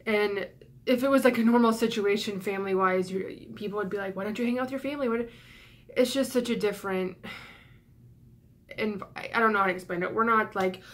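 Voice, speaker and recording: A young woman venting in a vlog, flustered and breathless, rushing her words with sighs and swearing, stressed and near tears with her voice cracking. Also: medium pitch, fairly even intonation. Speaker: YouTuber. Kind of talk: emotional vlog rant.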